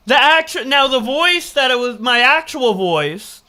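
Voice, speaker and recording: Excitable, swearing reaction streamer. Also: sits high, a little slow, few pauses. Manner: swearing, excitable, self-mocking. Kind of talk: casual reaction commentary.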